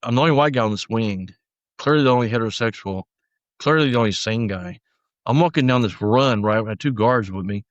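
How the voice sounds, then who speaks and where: A man's voice: fairly low pitch, fairly quick, dry recording, muffled recording. A man as a podcast guest, telling his story bluntly in a rambling, casual way with lots of fillers. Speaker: podcast guest, former sheriff's deputy.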